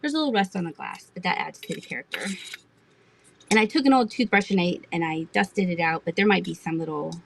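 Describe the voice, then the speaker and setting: A woman's voice: fairly low pitch, animated, fast talker, gravelly, rough recording. A middle-aged woman hosting a live online auction, chatting and giggling with viewers as she shows vintage items. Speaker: live-stream auction seller. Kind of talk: casual live-selling chat.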